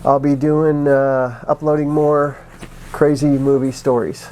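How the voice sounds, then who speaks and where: Animated middle-aged man telling film stories. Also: a little high, a little hiss or hum. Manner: animated, acts out sounds with vocal effects; frequent restarts and pauses, laughs while telling. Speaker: actor telling behind-the-scenes stories. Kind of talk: casual anecdotal storytelling.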